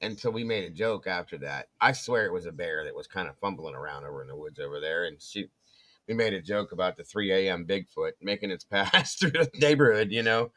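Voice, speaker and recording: Speaking briskly in a low-pitched voice, the co-host animates a story during casual chat. Whenever he quotes someone, he acts out their voice.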